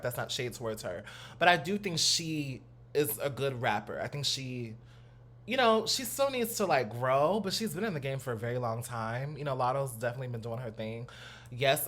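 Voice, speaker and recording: A young man hosting his own channel, chatting in a casual, animated way with lots of slang and asides, at home on a new studio mic. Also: mid-range voice. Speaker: host. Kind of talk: casual reaction commentary.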